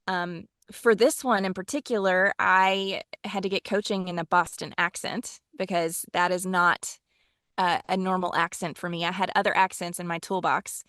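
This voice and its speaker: A woman's voice: medium pitch, a bit bright, smooth, no room sound, clean studio sound. A woman from Texas with a Texan accent, an audiobook narrator chatting animatedly in an interview, with frequent ums. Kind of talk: casual interview chat.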